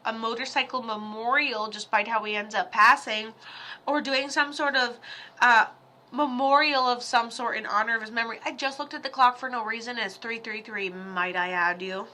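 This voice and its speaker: A woman giving live psychic readings on a stream, chatty and rambling, with quick asides and quoted voices. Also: a little high, pushed and bright, a little hiss or hum. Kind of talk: casual livestream readings.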